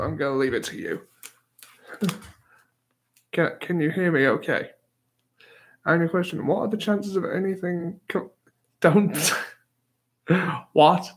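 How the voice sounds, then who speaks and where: A man's voice: fairly high pitch, a bit bright. A man hosting a casual livestream, reading out chat questions with easy chuckles and self-deprecating remarks. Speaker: livestream host. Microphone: new desktop microphone.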